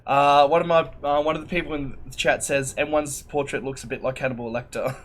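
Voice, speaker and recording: A man's voice: a little high, fairly even intonation, fairly quick. Joking man chatting at the table. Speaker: player. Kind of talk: casual chat.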